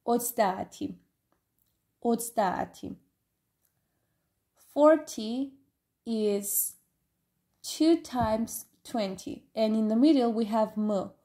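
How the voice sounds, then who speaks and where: A woman's voice: on the high side, mellow, roomy sound. A woman giving an online language lesson, explaining patiently and stopping now and then with fillers. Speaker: language teacher.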